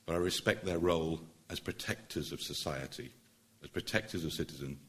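Earnest deep-voiced barrister giving a speech. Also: male voice, fairly quick. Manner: earnest, emphatic, building to forceful points. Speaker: barrister addressing a public meeting. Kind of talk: public speech.

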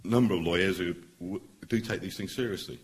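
Deep-voiced barrister addressing a meeting. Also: male voice. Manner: earnest, persuasive, emphatic with pauses. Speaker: barrister speaking at a public meeting. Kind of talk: public speech.

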